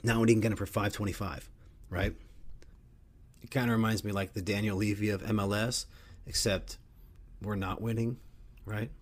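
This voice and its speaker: A middle-aged man hosts a casual sports podcast with a rambling, joking delivery. He swears freely, and his voice sits slightly low. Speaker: podcast host.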